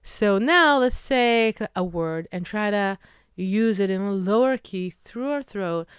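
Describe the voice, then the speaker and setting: Israeli woman teaching pronunciation, unhurried drills, very clean voice, dry close sound. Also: medium pitch, animated, clear, resonant tone, dry recording. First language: Hebrew. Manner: slow, demonstrative, drawn-out vowel drills. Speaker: Hebrew teacher. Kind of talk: pronunciation lesson.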